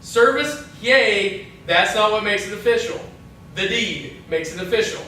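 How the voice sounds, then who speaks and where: A man's voice: high-pitched, expressive, a little slow, bright, forceful tone, slight background noise. A man, a youth pastor, casually teaching a Bible lesson to a group of young women, chatty and jokey with many asides and restarts. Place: church hall. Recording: echoey hall from far off.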